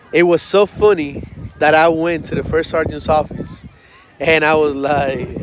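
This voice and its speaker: A man in his thirties, an army veteran, tells stories in a loose, casual way full of fillers and swearing. His voice sits a little higher than most men's. Steady noise runs under the recording. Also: normal speed, poor audio. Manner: swears freely, loose storytelling with many fillers. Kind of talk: casual storytelling on a livestream.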